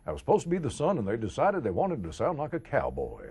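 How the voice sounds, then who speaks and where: A middle-aged voice-over actor from the Kansas City area with a deep voice, telling stories in a casual interview and jumping into quoted voices. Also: male voice, quick pace, hardly any pauses, husky. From Kansas City area, United States. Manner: animated, jumps into quoted voices.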